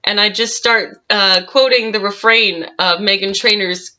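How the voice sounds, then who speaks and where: Brief: chatty woman cosplayer recounting a story, frequent laughs, bright tone, muffled recording. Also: medium pitch, fairly even intonation, unhurried. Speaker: cosplayer telling a convention story. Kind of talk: casual storytime vlog. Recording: dull lo-fi sound.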